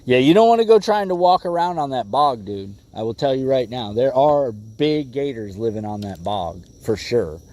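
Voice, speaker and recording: A man's voice: medium pitch, lively intonation, normal speed, few pauses, darkish tone. A man hosting a casual fishing livestream from a boat, laid-back and calling viewers "bro" and "bud.". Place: outdoors on a boat on a lake.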